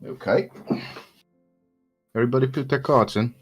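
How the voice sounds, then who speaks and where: A man streaming a card game with friends, reading the card prompts aloud in a deadpan, joking way. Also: mid-range voice, moderate pace, slightly rough, faint music behind.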